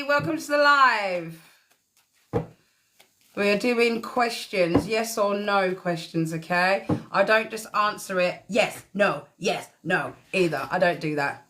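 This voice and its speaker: A woman reading tarot on a live stream, chatting casually, greeting viewers warmly and calling them pet names. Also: on the low side. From England. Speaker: tarot reader.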